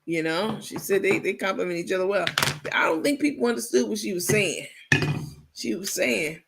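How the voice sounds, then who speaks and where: Woman host on a late-night livestream, gravelly, sassy, salty, laughs easily, reads the comments. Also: mid-range voice, normal speed, very noisy. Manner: reads and answers viewer comments.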